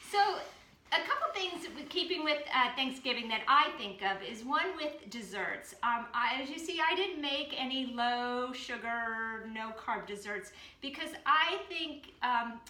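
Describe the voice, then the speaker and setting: Bright-voiced woman hosting a cooking demo. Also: high-pitched, measured pace, reverberant. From Boston area. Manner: relaxed, advice-giving with frequent ums. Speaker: health program host.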